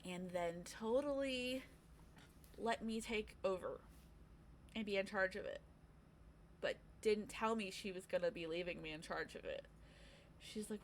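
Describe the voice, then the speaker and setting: A woman's voice: mid-range voice, a little slow, pauses often, slight background noise. A woman livestreamer telling a personal story in a candid, chatty way, swearing casually as she talks.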